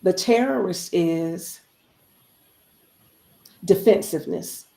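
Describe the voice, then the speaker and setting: A woman's voice: lowish voice, slow, vocal fry, warm tone, echoey room. A woman guest speaker giving an inspirational, preachy talk, repeating phrases for emphasis.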